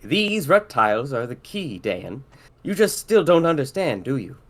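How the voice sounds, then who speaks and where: A man's voice: medium pitch, big pitch swings, moderate pace, a bit bright. A man voicing a cold, driven male mad scientist in a podcast read-through, with clipped, insistent delivery. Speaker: podcast co-host. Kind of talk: reading movie dialogue aloud.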